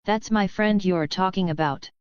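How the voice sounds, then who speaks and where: A woman's voice: medium pitch, normal speed, smooth, no echo, dull audio, lightly acted. A woman reading the part of a hurt, proud young woman who answers guardedly and defensively.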